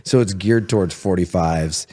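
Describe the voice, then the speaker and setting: A man with a very low voice tells his stories in a loose, rambling way. He laughs often and circles back on his own phrases as he hosts a casual chat. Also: moderate pace, mellow. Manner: rambling anecdotes with frequent laughs and restarts. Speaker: podcast host.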